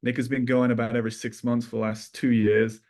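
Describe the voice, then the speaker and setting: A man's voice: medium pitch, level tone, darkish tone. A man hosting a casual sales webinar from an office room, upbeat and teasing his co-host. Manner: upbeat, joking, quick to tease.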